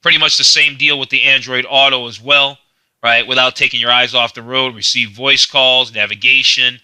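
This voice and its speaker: Bright, dry-voiced man reading car features. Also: medium pitch, little pitch movement, a little fast, clear, resonant tone, no echo, rough recording. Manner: reads web text aloud with loose asides; stumbles and repeats words. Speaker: car review narrator. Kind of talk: casual screen-share walkthrough.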